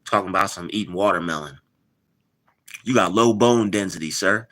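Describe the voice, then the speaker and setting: At a moderate pace, a man with a lower, sharp-toned voice runs a live stream. He keeps things casual, teasing his chat, responding to it, and saying things over and over.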